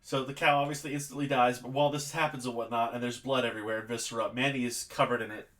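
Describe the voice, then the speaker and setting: A man narrating as game master of a tabletop game, animated and quick to laugh. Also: mid-range voice.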